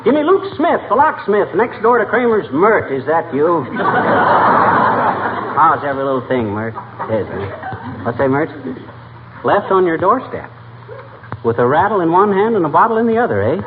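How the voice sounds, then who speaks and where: An actor playing a boastful, bumbling, excitable husband in 1940s radio comedy acting. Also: male voice, a little high. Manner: bragging, excitable, quick jokes. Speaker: blustering husband in a sitcom. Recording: tinny hissy old broadcast, audience laughter.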